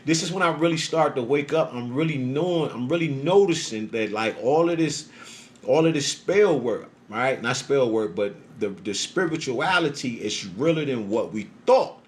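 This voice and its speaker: A man telling a rambling, profanity-heavy personal story on a livestream, animated and emphatic, often acting out the voices he quotes. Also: normal speed. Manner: acts out voices in quotes, pitch jumping up. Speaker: social media livestreamer.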